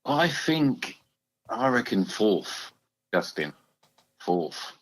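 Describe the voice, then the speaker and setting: A man's voice: lowish voice, big pitch swings, very slow, fairly bright tone, poor audio. A man calling a fan phone-in, easygoing and giving brief answers. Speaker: caller. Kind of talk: casual phone call.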